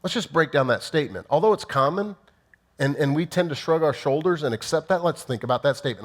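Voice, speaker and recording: A man's voice: a little high, expressive, fast talker. Man preaching with emphatic questions. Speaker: pastor. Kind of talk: sermon.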